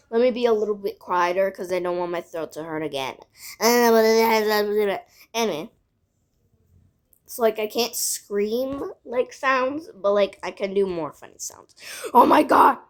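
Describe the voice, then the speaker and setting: A female voice telling a casual storytime vlog, rambling with lots of "like" and side remarks. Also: medium pitch. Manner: rambling, filled with "like", frequent asides.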